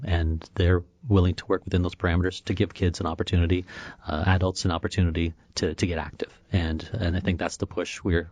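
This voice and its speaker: Give me a low-voiced man talking as a mayor on a podcast, halting with lots of fillers, in a dry room. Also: a little mellow, dry recording. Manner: halting, many fillers and restarts. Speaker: town mayor, podcast guest. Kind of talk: casual interview talk.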